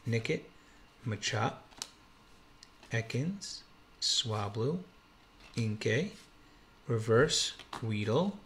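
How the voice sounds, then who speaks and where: A man's voice: medium pitch, lively intonation, very slow, long pauses, a bit bright, slight background noise. Thrilled man opening trading cards. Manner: thrilled, exclamatory, calls out cards. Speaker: card-opening YouTuber. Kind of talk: excited pack-opening vlog. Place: home, quiet room.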